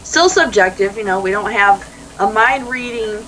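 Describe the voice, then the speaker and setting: A woman talks through an interview in a bright, forward voice. She tells her stories animatedly, slipping into quoted dialogue and laughing easily. There is a faint hiss of noise in the background. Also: medium pitch, lively intonation, moderate pace, low-quality recording. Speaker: life coach, interview guest. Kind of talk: conversational interview.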